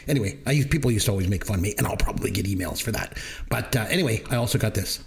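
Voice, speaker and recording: A man's voice: fairly low pitch, very fast, creaky. A middle-aged Canadian man with a Canadian accent, hosting a casual podcast chat, jokey and chatty. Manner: chatty, jokey, laughs often. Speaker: podcast host.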